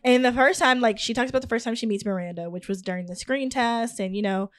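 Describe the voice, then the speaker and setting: A woman's voice: a little high, fast talker. A woman co-hosting a casual book club podcast, retelling chapters with lots of likes and quoted lines. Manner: retells the book in quoted voices, many fillers. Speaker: podcast co-host.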